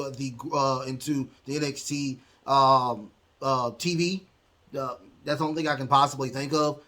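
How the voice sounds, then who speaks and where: Guy rambling thru a wrestling recap, kinda high voice, tons of uhs. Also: a bit bright. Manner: rambling, heavy fillers, acts out quotes. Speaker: podcast host.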